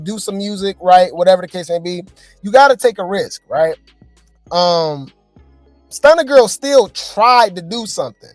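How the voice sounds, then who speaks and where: A man's voice: high-pitched, darkish tone, dry recording. A man hosting casual gossip commentary, chatty and rambling, with lots of fillers. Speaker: commentary host.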